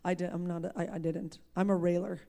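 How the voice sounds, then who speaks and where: A woman's voice: on the low side, level tone, fast, creaky, warm tone. A woman preacher giving a personal testimony, candid and emphatic, often laughing at herself. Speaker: preacher sharing her testimony.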